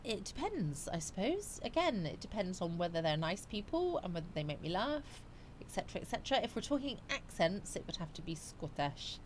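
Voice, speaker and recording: A woman's voice: medium pitch, sing-song, brisk, a little hiss or hum. A woman hosting a casual livestream, reading viewer comments aloud and musing on them in a chatty, rambling way. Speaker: livestream host.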